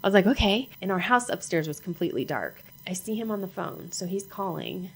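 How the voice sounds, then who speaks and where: A middle-aged woman telling a personal story in a halting way, repeating herself and acting out what people said. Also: mid-range voice, expressive, breathy edge, rough recording. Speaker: mother sharing her story.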